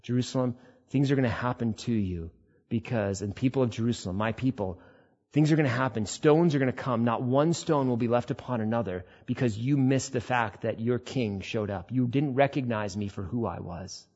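A man preaching a sermon, swinging between loud emphatic passages and quiet, low reflection. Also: fairly quick, husky, highs cut off. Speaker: pastor.

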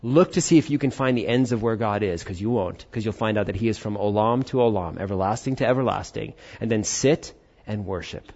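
A man preaching a sermon as pastor, earnest and animated, rising to emphasis on key points. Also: fairly low pitch, a little fast. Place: church service. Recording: muffled lo-fi sound.

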